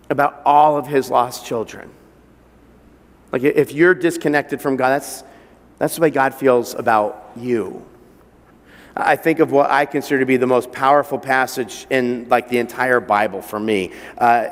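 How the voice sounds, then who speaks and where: A man's voice: fairly high pitch, long reverb tail. A man preaching a sermon as pastor, telling a story with frequent stutters on repeated words and building to emphatic passages. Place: church hall.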